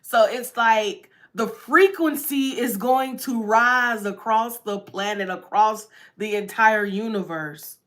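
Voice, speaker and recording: A woman's voice: fairly high pitch, slow, few pauses, fairly bright tone. A woman giving a casual tarot reading, chatty and repetitive, often breaking into laughs. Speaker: tarot reader.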